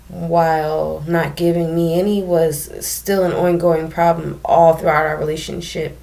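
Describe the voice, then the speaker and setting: A young woman telling a personal story to camera in a candid, emotional way, with frequent pauses and restarts. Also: lowish voice, vocal fry, a little mellow. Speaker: vlogger telling her own story.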